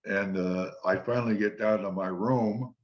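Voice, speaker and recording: Deep-voiced older man telling stories. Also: normal speed, slight background noise. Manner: relaxed anecdotal storytelling, quoting others. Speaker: former football player, guest. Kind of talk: storytelling interview. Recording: dull lo-fi sound.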